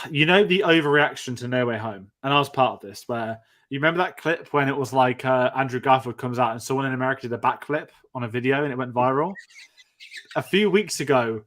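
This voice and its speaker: A man's voice: mid-range voice, a little fast, fairly bright tone. A man hosting a film-review podcast, rambling and restarting as he talks. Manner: chatty, rambling, restarts often. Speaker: podcast host. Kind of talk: casual film-review chat.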